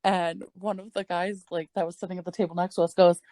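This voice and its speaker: Chatty young woman, low-pitched, dry sound. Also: level tone, fast talker, warm tone, no room sound. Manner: rambling, heavy use of "like", frequent swearing and laughs. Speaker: podcast co-host. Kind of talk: casual storytelling chat.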